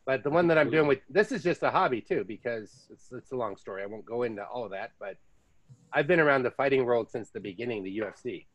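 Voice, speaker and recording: An American man hosting a podcast, telling stories in a chatty, casual way with lively asides. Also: mid-range voice, fast talker. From United States. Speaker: podcast host. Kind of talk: casual chat.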